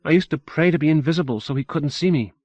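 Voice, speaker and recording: A man's voice: on the high side, fast talker, darkish tone, no echo, lo-fi sound, voice pushed up, lightly acted. A man voicing an upset, earnest young woman in an audiobook, tearful and defiant.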